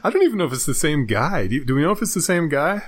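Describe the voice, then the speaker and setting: A man chatting casually about a film, laughing often. His voice swings widely in pitch and sounds animated and playful as he jokes with his co-host. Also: rapid-fire, husky. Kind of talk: casual chat reviewing a movie.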